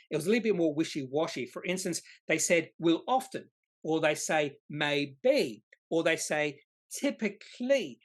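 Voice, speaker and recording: A presenter of an investing channel explains a topic from slides, stressing key words and sometimes correcting himself mid-sentence. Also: mid-range voice. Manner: emphatic, repeats key words, occasional self-corrections. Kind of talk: slide-based explainer lesson.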